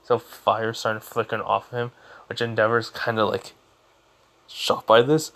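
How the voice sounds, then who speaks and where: A man's voice: on the low side, flat delivery, unhurried, fairly bright tone. A young man casually telling a fan fiction story off the cuff, rambling with lots of fillers and restarts.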